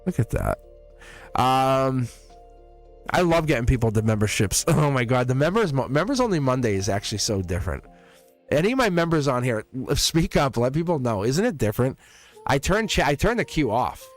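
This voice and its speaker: A man doing a live tarot reading for his viewers. His voice sits at an ordinary middle pitch, and he is gushing and reassuring, often laughing and saying the same line twice. Faint music plays underneath. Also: big pitch swings, fairly quick. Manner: effusive and encouraging, laughs often, repeats phrases.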